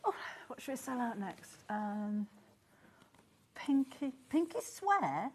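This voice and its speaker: A woman presenting a live shopping channel, chatty and excitable, often gasping and laughing as she talks. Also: medium pitch, measured pace, slight background noise. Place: TV studio.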